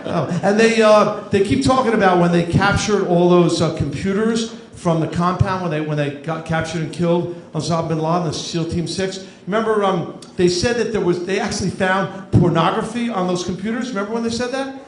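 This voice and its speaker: A man's voice: sits high, a little fast, few pauses. A man in his fifties from New Jersey, doing a stand-up comedy set with dry, self-deprecating delivery on a club stage. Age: 50s. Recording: echoey club room, audience noise.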